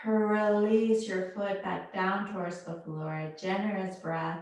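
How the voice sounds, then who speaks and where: A woman instructor guiding a yoga class, calmly calling out poses and breaths. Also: medium pitch. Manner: slow, calm cueing of poses and breath. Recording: very echoey room.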